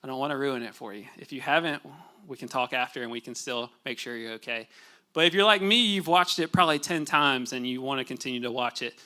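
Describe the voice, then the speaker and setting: A young man giving a casual, conversational sermon in a church, relaxed and chatty, with fillers and asides to the congregation. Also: medium pitch, fast talker. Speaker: pastor. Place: church sanctuary.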